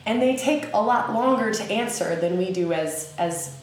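A woman with a Southern US accent hosting a podcast, teaching in a casual, animated way with many fillers. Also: medium pitch, moderate pace, slight background noise. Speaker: podcast host. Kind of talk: casual spoken teaching monologue. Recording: very echoey room with faint ambience.

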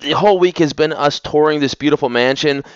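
A man's voice: fairly high pitch, fairly quick, smooth, muffled recording. A man who is a podcast guest, telling jokey stories in casual chat. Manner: animated, jokey storytelling.

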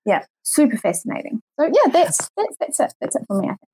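A New Zealand woman in her forties chats as a podcast guest. Her voice sits a little high and is recorded dry and close. She rambles and hedges, filling gaps with "like" and "you know". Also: very animated, fast, warm tone, husky, dry recording. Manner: rambling, hedging, many fillers. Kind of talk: casual podcast chat.

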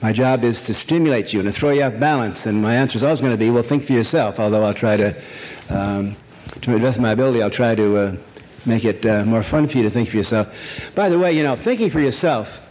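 A man's voice: mid-range voice, fast, a little mellow. A man giving a live lecture to an audience, rambling, wry and irreverent. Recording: long hall reverb, faint noise.

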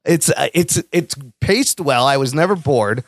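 Animated high-voiced man reviewing movies. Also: a little slow, dry recording, studio quality. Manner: animated, drops low when quoting lines. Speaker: podcast co-host. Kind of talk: casual movie review chat.

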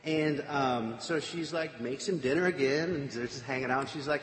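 A man's voice: medium pitch, normal speed, hardly any pauses. A man casually retelling a scripture story with chatty, wry asides. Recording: echoey hall, faint room noise.

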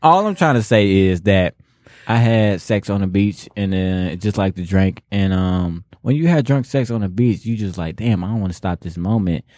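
Co-hosting a casual podcast, a man with a slightly mellow, expressive voice on the low side tells stories at a moderate pace. His style is laid-back and slangy with lots of laughter, recorded dry in a clean studio.

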